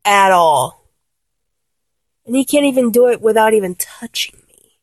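Woman VA as a young woman, flustered and blunt, slow and drawn out, lively pitch. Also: no echo. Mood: exasperated. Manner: exasperated, swears a lot, stammers. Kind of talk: one-sided audio role-play.

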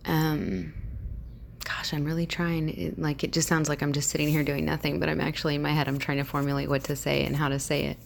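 A woman's voice: deep voice, flat delivery, brisk, gravelly, a little hiss or hum. A woman talking in a casual, rambling monologue, hesitant with many fillers and sometimes dropping into a whisper. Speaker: vlogger.

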